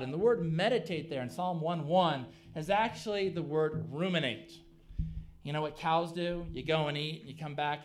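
A middle-aged man delivers a sermon in a relaxed, conversational way. His fairly high voice swells into emphatic peaks when he drives a point home. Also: slight background noise. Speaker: pastor.

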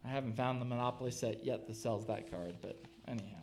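A man's voice: medium pitch, fast, noisy background. A middle-aged man preaching a sermon, talking casually and building to emphatic peaks. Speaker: pastor.

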